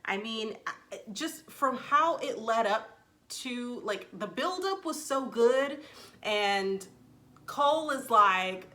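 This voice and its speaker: A woman with a bright, forward voice talks casually through her review. Her delivery is chatty and expressive, full of "like" and "um" and strong reactions. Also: mid-range voice, takes it slowly. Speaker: TV show reviewer, channel host. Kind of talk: casual spoken recap and review.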